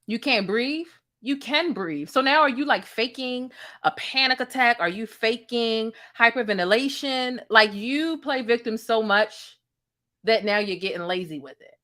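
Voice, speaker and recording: A woman's voice: on the high side, lively intonation, a little slow, pushed and bright. A woman hosting a reaction commentary, sassy and incredulous, talking straight to the viewer. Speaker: commentary host.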